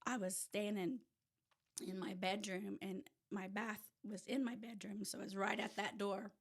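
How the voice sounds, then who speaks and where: A woman from rural Oklahoma with an Oklahoma accent, a podcast guest telling her personal story in casual chat, lively and sometimes dropping to a near-whisper. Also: medium pitch, moderate pace, breathy edge. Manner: animated storyteller who drops to a hush at tense moments. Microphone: audio-only podcast mic.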